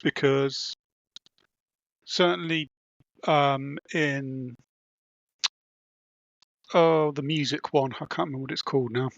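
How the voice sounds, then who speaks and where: A man in a casual book discussion, speaking in a measured, wry way. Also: mid-range voice, steady tone, gravelly, no echo. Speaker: book club member. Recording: dull, dry lo-fi sound.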